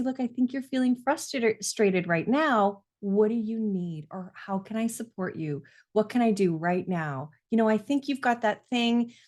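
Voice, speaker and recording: Middle-aged woman as parenting coach, earnest and reassuring, mid-pitched, chatty advice to camera.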